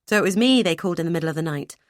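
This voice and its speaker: A woman's voice: lowish voice, animated, rapid-fire, no room sound, studio quality, close to an everyday voice. A woman voicing a brusque, dutiful adult brother who talks bluntly and matter-of-factly in an audiobook. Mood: curt.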